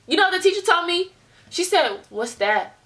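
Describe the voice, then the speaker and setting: A woman's voice: extremely high pitch, fast. A young American woman vlogging casually to her webcam, ranting animatedly and mimicking people as she tells stories. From United States. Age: young adult. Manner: animated storytelling, mimics people in other voices. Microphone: webcam at desk.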